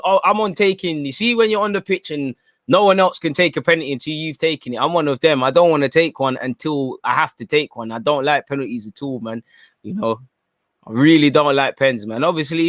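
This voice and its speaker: A man's voice: on the high side, fairly bright tone, no room sound, studio quality. A young man giving chatty live commentary during a football watchalong stream and reacting to viewer comments.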